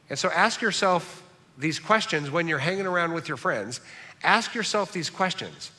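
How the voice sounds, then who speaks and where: Preaching in an echoing church hall, a middle-aged pastor speaks a little fast in a high, sing-song voice that sounds pushed and bright. His sermon is conversational, humorous and self-deprecating.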